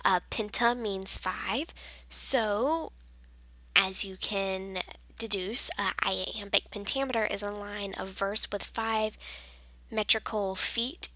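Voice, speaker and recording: A woman in a whispered role-play as a patient teacher, slipping between a soft whisper and a quiet voice and explaining slowly with frequent fillers. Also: mid-range voice, no room sound, poor audio.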